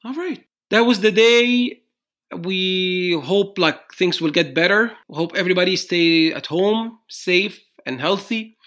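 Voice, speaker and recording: A man's voice: high voice, slow. A man hosting a podcast, signing off in a loose, rambling way with many fillers. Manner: relaxed, rambling sign-off with fillers. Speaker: podcast host. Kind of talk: casual podcast chat.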